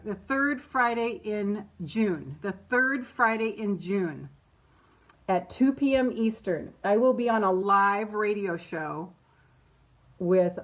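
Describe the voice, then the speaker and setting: A middle-aged woman hosting a casual live stream, candid and rambling, who laughs often and swears freely. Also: medium pitch. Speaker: meditation host on a live stream.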